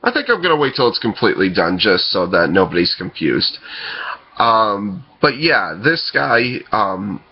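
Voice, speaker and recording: A man hosting casual film news commentary, rambling and hesitant, often pausing on fillers and correcting himself. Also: lowish voice, big pitch swings, highs cut off. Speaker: podcast host.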